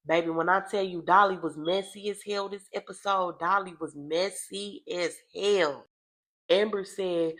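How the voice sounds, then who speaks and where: A young adult woman recapping reality TV in casual, profane gossip with dramatic loud outbursts. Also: medium pitch.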